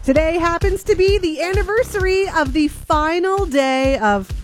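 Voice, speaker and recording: A female radio co-host in casual on-air chat, lively and quick to laugh. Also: very high voice, faint music behind. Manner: lively and chatty, laughs often.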